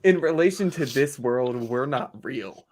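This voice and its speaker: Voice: medium pitch, expressive, measured pace, a little mellow. A player in a tabletop game, talking bluntly and jokingly with lots of swearing. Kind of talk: casual tabletop play.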